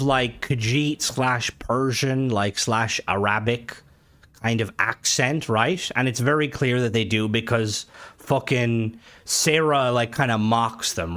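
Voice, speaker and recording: A man's voice: medium pitch, a bit bright. A man streaming a game, chatting casually in a rambling, sweary way that keeps breaking off and restarting. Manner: rambling, sweary, self-interrupting. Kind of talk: casual gaming stream chat.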